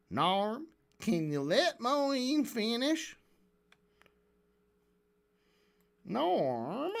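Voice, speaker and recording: A streamer giving heated, sarcastic livestream commentary on a debate. The speech is full of swearing and frequent stumbles and restarts. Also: mid-range voice. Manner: stumbling restarts while building arguments.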